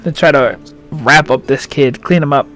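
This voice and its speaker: A man narrating as game master in a tabletop game, halting with many fillers. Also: medium pitch, fairly bright tone, soft background music.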